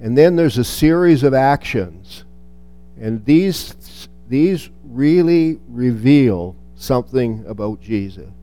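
A man's voice: medium pitch, lively intonation, takes it slowly, warm tone. A man reading a Bible passage aloud and then commenting on it in a reflective teaching style, with restarts and touches of dry humor.

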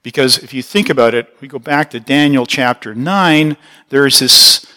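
A male pastor teaching a Bible passage verse by verse, at an ordinary pitch for a man. His tone is bright and forward. He explains as he goes, pausing to restart a phrase now and then.

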